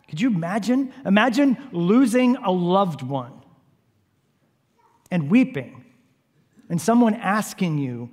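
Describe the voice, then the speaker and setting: A man's voice: high voice, expressive, slow pace, pauses often, a little mellow. A man preaching a sermon, retelling a story vividly and repeatedly urging his listeners to imagine the scene. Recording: long hall reverb.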